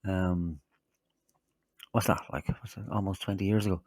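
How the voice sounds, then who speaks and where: A man's voice: sits low, fairly even intonation, normal speed, a little mellow, no room sound. An Irish man co-hosting a live show, chatting sarcastically and crudely. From Ireland. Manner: sarcastic and crude, laughs often. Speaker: co-host. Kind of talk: casual live-show chat.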